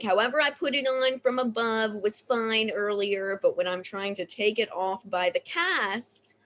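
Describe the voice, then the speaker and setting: A woman's voice: fairly high pitch, fairly bright tone. A woman telling a frank, comic personal story on stage, casual and profane, full of fillers. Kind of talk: live comedic storytelling.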